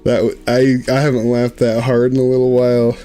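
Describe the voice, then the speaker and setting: A man's voice: mid-range voice, completely flat delivery, a little fast, mellow, smooth. Swearing, wheeze-laughing man. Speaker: streamer. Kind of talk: live-stream gameplay chat.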